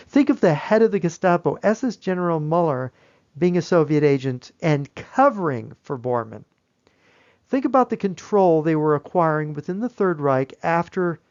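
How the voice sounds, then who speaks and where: A man giving a lecture-style presentation, telling the story in a measured, emphatic way. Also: fairly high pitch, a little mellow, lo-fi sound.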